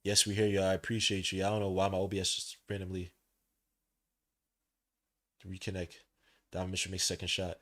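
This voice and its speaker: A man hosting a live basketball watch-along stream, talking casually in slang, swinging between loud outbursts and low muttering. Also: completely flat delivery, fairly quick, long pauses. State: tired, yawning. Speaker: podcast host doing a live watch-along. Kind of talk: casual live game commentary. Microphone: streaming setup mic.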